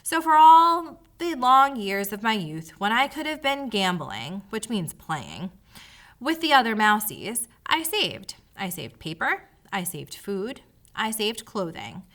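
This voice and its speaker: A woman puts on a small, fretful miser mouse who whines in a high, pitiful voice and turns every sentence flowery. His tone swings widely up and down, and the sound is bright and sharp. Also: sing-song, takes it slowly. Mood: pitiful, dramatic.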